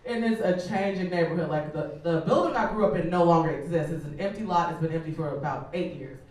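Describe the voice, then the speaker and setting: Animated woman in an echoey club. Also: on the low side, quick pace. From Chicago. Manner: animated, swearing, conversational with many fillers. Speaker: stand-up comedian. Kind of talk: stand-up comedy set. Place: comedy club stage. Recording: echoey club from a distant mic.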